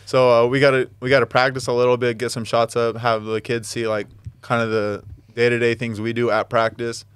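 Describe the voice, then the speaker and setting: A man's voice: mid-range voice, level tone, brisk, smooth, no room sound. A man, a basketball player guest, talking in a laid-back way with lots of "like". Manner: laid-back, says "like" a lot. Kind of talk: casual interview.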